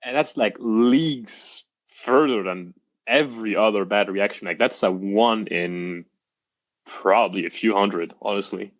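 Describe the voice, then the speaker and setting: A man's voice: on the low side, no echo. Rambling young man, dull lo-fi sound. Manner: rambling, halting restarts, reenacts quotes. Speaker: coaching client, guest. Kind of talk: casual interview.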